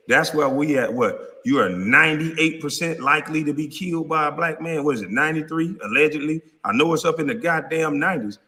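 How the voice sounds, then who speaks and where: Man, 30s, angry profane rant, confrontational, forceful bright voice, lingering reverb. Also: a little high. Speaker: vlogger. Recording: long reverb.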